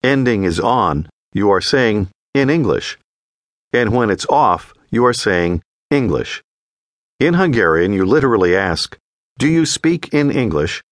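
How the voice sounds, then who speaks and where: A man's voice: fairly low pitch, expressive, unhurried, dry recording, studio quality. Patient male language-course narrator. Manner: clear, patient teacher explaining pronunciation. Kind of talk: scripted instructional narration. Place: recording studio.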